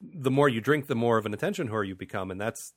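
A playful, self-mocking man hosting a casual podcast chat. His voice is mid-pitched and recorded close and dry, with no room sound. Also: lively intonation, fast talker, fairly bright tone, dry recording. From west coast of North America. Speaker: podcast host.

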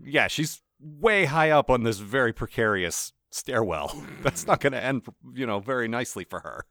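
A man co-hosting a podcast in casual chat, laughing often and slipping into quick character voices. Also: medium pitch, no echo, studio quality. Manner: chatty, laughs often, lively voice impressions. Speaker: podcast co-host.

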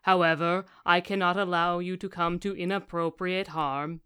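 A woman reading aloud the lines of a calm, rumbling male golem who speaks in a formal, literal, measured way. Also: smooth, no room sound, clean studio sound. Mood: calm, stern.

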